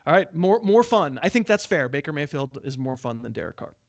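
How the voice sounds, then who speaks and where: A man hosting a casual sports betting chat, animated and self-deprecating, often chuckling. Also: on the high side, fairly quick, gravelly, dry recording, muffled recording. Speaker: sports betting podcast host.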